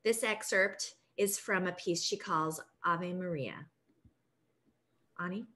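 A woman's voice: on the low side, slow pace, pushed and bright. A woman hosting a group reading, reading out short introductions of each author. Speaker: host introducing readers.

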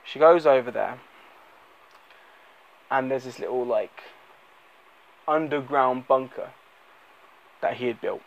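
A man talks through a movie review off the cuff, at an ordinary mid-range pitch. His delivery rambles, with lots of fillers and restarts. It sounds unplanned and conversational. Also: slow, gravelly, long pauses, highs cut off. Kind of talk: unscripted spoken movie review.

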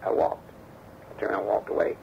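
A man telling a story from his past in an interview. He acts out the dialogue lively as he talks, on a damaged tape recording. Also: fast talker. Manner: animated storyteller acting out quoted dialogue. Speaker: interview guest, former bodyguard. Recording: dull damaged tape with faint hiss.

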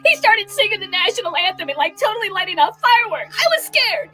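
Comic satire: a woman as a melodramatic, ditzy young politician, piercingly high and bright. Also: sing-song, quick pace, soft background music, full character voice, low-quality recording. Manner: valley-girl fillers, breathless exaggeration.

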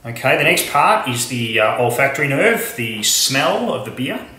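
Man, beer tasting vlog, chatty and wry, bright voice, echoey room. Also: medium pitch, sing-song, normal speed. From Australia. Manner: chatty and wry, many fillers and asides. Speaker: beer reviewer.

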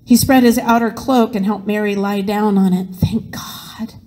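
A woman pastor preaching a sermon, telling a story slowly and expressively. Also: medium pitch, steady tone, dark tone. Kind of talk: sermon with dramatic reading. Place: church sanctuary. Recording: reverberant church sanctuary.

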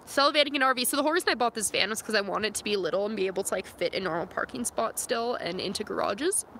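A young woman from California chatting on a phone livestream inside her van, playful and talkative. Her voice sits high and sounds bright and forward. A faint hiss of background noise runs under her talk. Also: expressive, brisk, few pauses. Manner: chatty and playful, tries out mock accents. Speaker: vlogger and snowboarder. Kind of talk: casual livestream chat. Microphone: phone camera.

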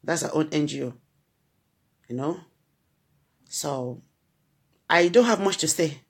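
Slow and low-pitched with a breathy quality, a woman with a Nigerian accent offers her followers an earnest tribute through her grief. As a blogger, she circles back to her phrases with the cadence of a preacher.

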